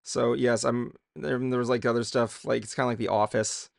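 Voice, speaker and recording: A man's voice: medium pitch, flat delivery, moderate pace, gravelly, no echo, studio quality. A man chatting casually and rambling while he draws, muttering to himself. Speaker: drawing vlogger. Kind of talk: casual chat while drawing.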